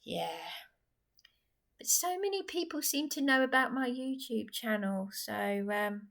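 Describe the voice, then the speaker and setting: A woman's voice: on the high side, animated, unhurried, gravelly, a bit bright. A woman, recounting a story in a rambling, agitated personal vlog. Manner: agitated, rambling retelling with restarts. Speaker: vlogger.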